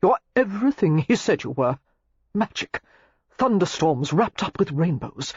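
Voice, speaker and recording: A woman's voice: fairly low pitch, sing-song, measured pace, husky, dry recording, exaggerated voice. Woman doing an ardent young lord. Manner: earnest, flowery declarations. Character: ardent young English lord, besotted suitor. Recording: slightly muffled lo-fi recording.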